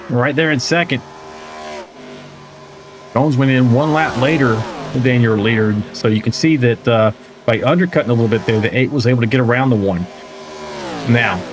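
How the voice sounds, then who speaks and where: A man doing live play-by-play commentary of a simulated stock car race, chatty and joking, reading out viewer chat as he goes. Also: mid-range voice. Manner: conversational, reads viewer chat aloud, joking asides. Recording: race car engine noise behind. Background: racing car engines.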